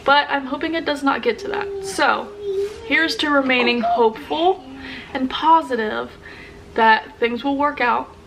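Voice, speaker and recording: A young woman with a slightly high voice talks to her viewers in an earnest, emotional way, often stopping to restart a sentence. It is a casual sit-down vlog. The recording has a clear hiss behind her. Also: unhurried. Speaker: vlogger. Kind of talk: casual sit-down talk to camera.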